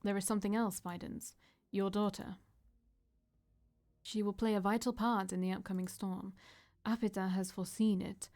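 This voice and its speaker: A woman voicing a calm robotic oracle who speaks in slow, solemn pronouncements. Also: medium pitch, natural voice. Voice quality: flat synthetic-sounding delivery.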